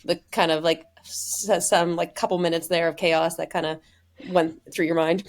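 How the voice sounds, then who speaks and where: A woman interviewer with a somewhat low voice asking questions casually. She hesitates and fills her phrasing as she goes. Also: flat delivery, normal speed. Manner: hesitant, many "like" fillers. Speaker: podcast host, interviewer.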